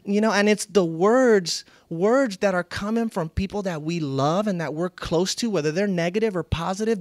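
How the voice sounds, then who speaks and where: A man preaching a sermon, swinging from loud bursts to hushed lines and repeating key phrases for emphasis. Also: sits high, dry recording, clean studio sound. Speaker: pastor.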